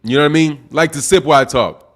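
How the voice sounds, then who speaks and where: A man hosting a boxing live stream, talking at full volume with a lot of excitement. His voice sits high and carries. He keeps his words casual and drops "bro" into almost every line. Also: fast. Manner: loud, projecting, excitable, says bro a lot; reads super chats aloud. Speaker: boxing channel host. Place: home live stream, sipping drinks.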